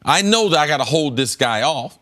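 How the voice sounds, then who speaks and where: An emphatic middle-aged man argues his case on a sports debate show, repeating himself for weight. His pitch swings widely, climbing high when he presses a point. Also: animated, a little fast, sharp tone. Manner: emphatic, repeats words, rises sharply when making a point. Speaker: former pro football player turned analyst.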